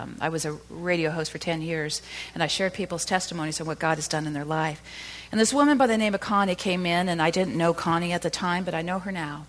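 Woman preaching a storytelling sermon. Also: on the low side. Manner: storytelling, building to loud emphatic peaks.

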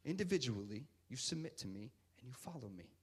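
A man voicing Jesus as a calm, patient figure in a sermon, speaking softly and coaxingly. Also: mid-range voice, brisk, breathy edge, pitched below the performer's own voice. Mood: gentle urging.

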